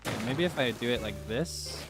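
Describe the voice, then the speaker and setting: A man's voice: mid-range voice, fairly quick, over music. A young man chatting casually while streaming a game, theatrical and playfully whiny, laughing often.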